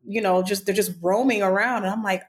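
A woman raised in Texas, a travel vlogger chatting as an interview guest and telling lively stories with frequent laughter. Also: mid-range voice, a little fast. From born in Nigeria, raised in Texas. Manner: animated storyteller, laughs often. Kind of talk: casual interview chat.

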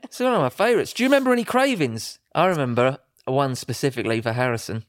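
Male podcast co-host, animated storyteller, dry studio sound. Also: mid-range voice, quick pace, dry recording. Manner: animated storytelling, acts out voices. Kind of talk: casual chat.

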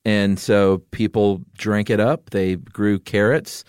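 A man's voice: fairly low pitch, fairly even intonation, takes it slowly, darkish tone, clean tone, no echo, studio quality. A man hosting a podcast, telling a story in a casual joking way. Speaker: podcast host.

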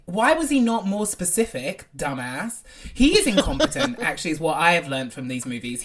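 Low-voiced woman, opinionated podcast co-host. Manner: animated, opinionated, quick asides. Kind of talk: casual film discussion.

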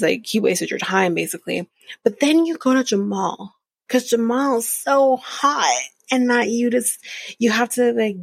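Gravelly, husky woman ranting a recap. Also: fairly high pitch, no room sound. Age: early 30s. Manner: blunt, profane, opinionated. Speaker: podcast host. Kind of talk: casual reality-TV recap.

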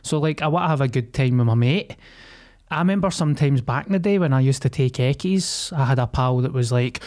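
A man's voice: medium pitch, a little fast, darkish tone. A man with a Scottish accent, co-hosting a podcast in blunt, sweary banter. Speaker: podcast co-host. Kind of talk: casual chat.

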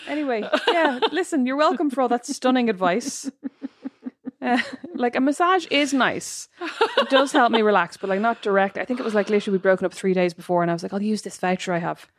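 A young woman co-hosts a relaxed chat, rattling along at a brisk pace. She tells stories about herself with a self-mocking humor. Her voice is close and dry, with no room sound. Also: fairly high pitch, no room sound. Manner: chatty, self-mocking storyteller. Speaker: podcast co-host. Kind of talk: casual chat.

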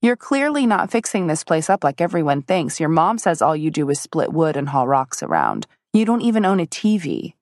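A woman's voice: sits low, very animated, moderate pace, hardly any pauses, darkish tone. A woman narrator voicing a determined, stubborn young woman who talks insistently and raises her voice. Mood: exasperated.

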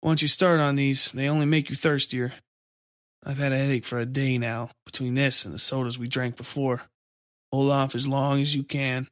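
A man voicing a resigned, fatalistic man who talks slowly and drops Spanish curses. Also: mid-range voice, level tone, dry recording, clean studio sound, close to an everyday voice. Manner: slow, resigned, occasionally cursing in Spanish.

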